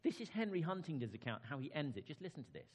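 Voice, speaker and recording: A man preaching in a chatty, personal way. His pitch swings widely as he talks, and he keeps turning to his listeners with questions. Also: big pitch swings, quick pace, husky. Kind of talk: sermon with read-aloud story.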